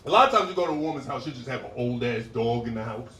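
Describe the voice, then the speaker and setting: Animated male stand-up in a roomy club. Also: fast. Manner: animated, jumps into high-pitched impressions of women. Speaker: stand-up comedian. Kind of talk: stand-up set with crowd work. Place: comedy club stage. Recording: roomy live club sound heard from a distance. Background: laughing audience.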